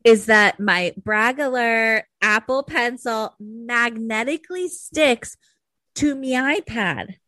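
A young adult woman co-hosting a podcast in casual chat, animated and swearing freely, on a close mic. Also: on the high side, slow, dry recording. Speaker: podcast co-host.

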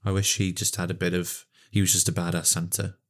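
A man's voice: low voice, fairly quick. A man co-hosting a casual film podcast, eagerly spinning out ideas. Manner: animated, spins ideas. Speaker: podcast co-host.

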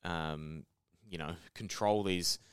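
A man with a New Zealand accent co-hosting a podcast, in relaxed casual chat, chiming in with short agreements. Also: low-pitched, slow pace, clean tone, no room sound, clean studio sound. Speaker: podcast co-host.

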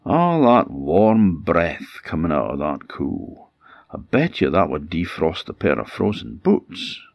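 A man's voice: low-pitched, big pitch swings, takes it slowly, creaky, dry recording, clean studio sound, heavily acted. A man voicing a crafty old Scottish piper musing to himself in a sly way. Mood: scheming.

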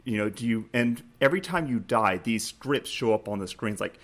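A man's voice: on the low side, normal speed. A man co-hosting a casual gaming podcast, retelling a game scene with lots of restarts and quoted prompts. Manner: animated storytelling, many restarts, acts out game prompts. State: choked up, laughing. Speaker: podcast co-host.

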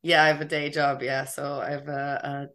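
A woman's voice: deep voice, little pitch movement, moderate pace, a bit bright. An Irish woman comedian chatting over a video call, laid-back, laughing and swearing casually. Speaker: comedian guest.

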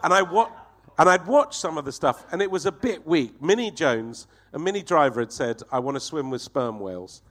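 A man telling a profane, animated comic anecdote as a guest on a talk show, acting out the voices in his story. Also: on the high side, normal speed.

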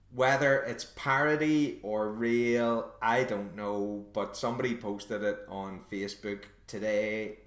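Hosting his own podcast, a Northern Irish man with a lowish, fairly bright voice spins a story in a dry, self-mocking way. The room gives the audio a noticeable echo.

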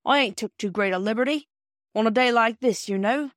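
A woman's voice: on the high side, a little fast, no echo, studio quality, natural voice. A woman reading a kindly working-class male railway porter, eager and anxious to please, in an audiobook.

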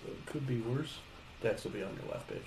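Gravelly guy at the game table cracking dry jokes, loud noise and echo. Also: medium pitch, wildly swooping pitch, a little fast. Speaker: player. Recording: roomy, distant mic, loud noise.

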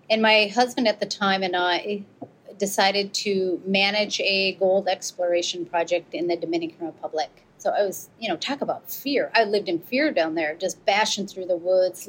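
A woman's voice: mid-range voice, a little hiss or hum, low-quality recording. A middle-aged American woman, an avalanche rescuer and author, telling her story in an interview and acting out the quoted exchanges. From United States. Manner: animated, acts out quoted exchanges.

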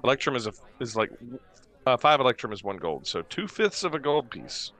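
A man narrating as game master of a tabletop game, pausing often with fillers as he describes the scene. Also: medium pitch, big pitch swings, fairly bright tone. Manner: hesitant, many fillers while describing the scene.

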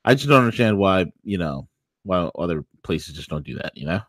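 A man's voice: low voice, expressive, fairly quick, a bit bright, no echo. A man hosting a casual morning talk show, playful and hypey, rambling with restarts. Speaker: show host.

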